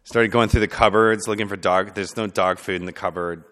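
A man telling a story from his childhood in a loose, conversational way, full of fillers, sometimes soft and sometimes emphatic. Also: on the low side, fairly even intonation, fairly quick. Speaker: speaker sharing personal testimony. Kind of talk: personal storytelling talk. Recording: long hall reverb.

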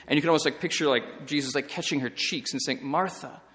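Priest teaching in a reverberant hall. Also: male voice, fairly high pitch, fast talker. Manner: conversational, animated, frequent "right?" tags. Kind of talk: teaching talk on scripture reading.

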